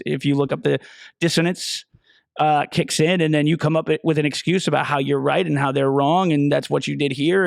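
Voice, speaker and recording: A man's voice: fairly high pitch, vocal fry, dry recording, clean studio sound. A man hosting a podcast, a personal trainer ranting bluntly and profanely with lots of fillers. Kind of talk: profane solo rant.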